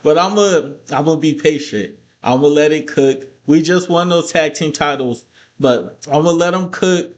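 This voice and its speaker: With a slightly high voice and a measured pace, a man recaps a wrestling show in a casual vlog. He swears freely, slips into heated rants, and throws in animated asides.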